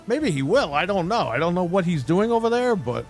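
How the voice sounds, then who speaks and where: Over faint music, a fairly high-voiced man delivers a brisk, sing-song rant on a live stream. Angry and blunt, he swears heavily and mocks the voices of the people he's complaining about.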